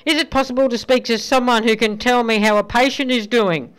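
A woman voicing a timid, frail old grandmother on the phone, speaking slowly and softly in a smooth, clear voice. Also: on the high side, close to an everyday voice.

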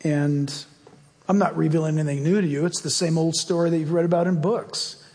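A man's voice: fairly high pitch, fairly even intonation, brisk, a little mellow. A male pastor preaching emphatically and praying fervently. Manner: emphatic, rising to fervent prayer. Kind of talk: sermon and prayer. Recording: long hall reverb, faint music.

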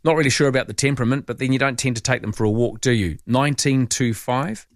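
Chatty New Zealand radio host, dry sound. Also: male voice, medium pitch, fast, no echo. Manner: chatty, storytelling, animated in anecdotes. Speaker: overnight radio talk host. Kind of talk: late-night radio chat reading texts. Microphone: studio microphone.

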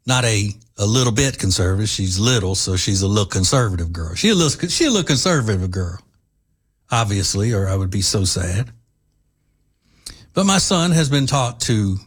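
A man's voice: medium pitch, husky. A middle-aged man hosting an opinionated talk show, sarcastic and emphatic. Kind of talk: opinionated radio commentary.

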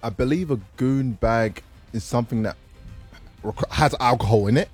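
A man's voice: mid-range voice, moderate pace, soft background music. A man guesting on a radio show, chatting casually and laughing at his own answers. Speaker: studio guest, podcaster. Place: radio studio.

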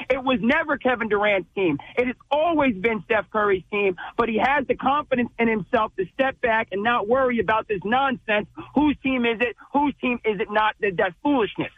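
A man's voice: high voice, no echo. Emphatic man on a tinny phone line. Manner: emphatic, dismissive arguing. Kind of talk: sports talk radio debate.

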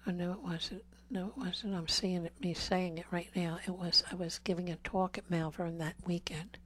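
The speaker at a healing service is a woman whose fairly low voice is a bit bright and breathy, with little pitch movement and a normal speed. Earnest in her Catholic talk to the congregation, she pleads through repeated questions and drops to whispers on key words.

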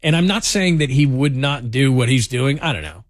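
A man's voice: mid-range voice, expressive, moderate pace, dry recording, clean studio sound. A man hosting a sports talk radio show, telling stories in a chatty way with lots of fillers. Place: radio studio. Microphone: studio microphone.

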